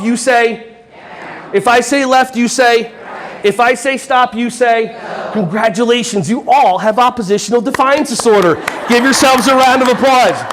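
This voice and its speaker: A man's voice: extremely high pitch, a bit bright, a little hiss or hum. A man giving a playful workshop talk to a live audience, joking and quizzing the crowd. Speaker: conference presenter.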